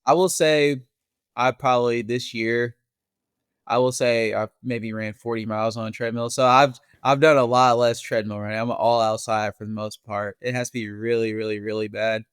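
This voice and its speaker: Male guest, smooth clear voice, dry close sound, relaxed storyteller. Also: medium pitch, moderate pace, no echo. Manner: relaxed storyteller, laughs easily. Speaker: guest marathon runner. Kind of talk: casual interview chat.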